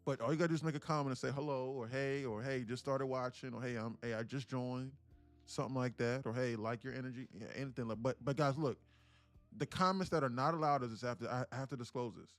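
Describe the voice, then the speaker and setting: A man chatting loosely on a live trading stream, drifting through a long anecdote in easy slang. His voice sits at an ordinary middle pitch, and faint music plays behind him. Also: fairly even intonation, fast talker. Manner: slangy, rambling storyteller. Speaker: day trader and livestream host. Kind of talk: casual livestream chat.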